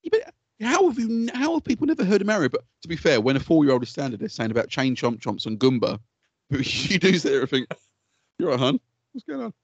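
A man co-hosting a podcast, chatting casually, swearing freely and telling animated stories. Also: fairly high pitch, fast talker, breathy edge, no room sound, highs cut off. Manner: swears freely, animated storytelling with put-on quotes. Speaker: podcast co-host. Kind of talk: casual chat.

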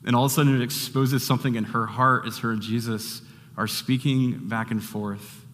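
A male pastor preaches in an easy, conversational manner, often circling back and restarting his sentences. His voice sits at an ordinary middle pitch. The sound carries a long reverb from a large church hall. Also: fairly even intonation, moderate pace, fairly bright tone. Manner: conversational, rambling with restarts and fillers. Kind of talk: sermon.

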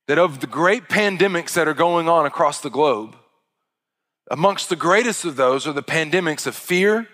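A man's voice: medium pitch, fairly bright tone, big-room sound. A man preaching a sermon in an earnest, emphatic way, stressing points through repetition.

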